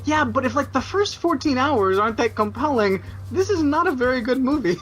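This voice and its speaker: Brief: male podcast co-host, halting, repeats himself, light music underneath. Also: extremely high pitch, expressive, a bit bright. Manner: halting, repeats words when making a point. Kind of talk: casual chat.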